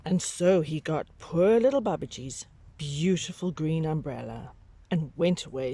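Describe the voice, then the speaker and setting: Expressive woman reading a children's story. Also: deep voice, unhurried, breathy edge. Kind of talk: children's story read aloud.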